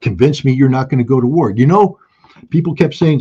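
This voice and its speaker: Speaking a little fast in a mellow, slightly rough mid-range voice, this US guest commentator in his sixties joins a talk show by video call. He talks politics with passion and urgency, driving his points home emphatically and repeating key phrases, while the audio has its highs cut off.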